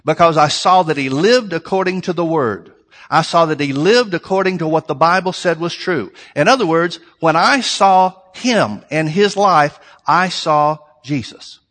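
A pastor preaching in a church sanctuary, his voice sitting a little high for a man. He talks in an earnest, conversational way and builds emphasis through repetition. A long reverb trails each phrase through the large hall. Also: unhurried, a bit bright. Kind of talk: sermon.

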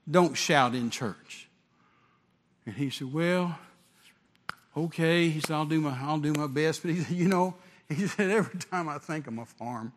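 High-voiced preacher in a reverberant hall. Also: male voice. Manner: animated, shouting at peaks. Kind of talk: sermon.

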